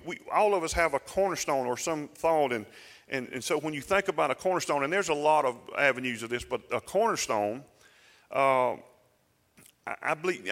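A man's voice: mid-range voice, a bit bright. A man preaching a sermon as pastor, talking conversationally and building to emphatic declarations. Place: church sanctuary. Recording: reverberant church sanctuary.

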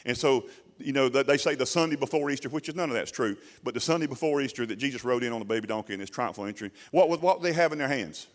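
A man's voice: mid-range voice, fast talker. A middle-aged man, preaching a sermon in a folksy, colloquial way and asking his listeners questions. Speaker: pastor.

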